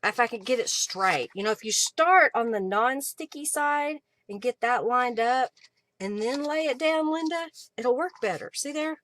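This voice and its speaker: A woman's voice: fairly high pitch, expressive, moderate pace, a bit bright. A woman hosting a live crafting stream, chatting casually and thinking aloud as she works at her craft table and answers viewers. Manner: chatty, thinks aloud while working, reads viewer comments. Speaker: craft livestream host.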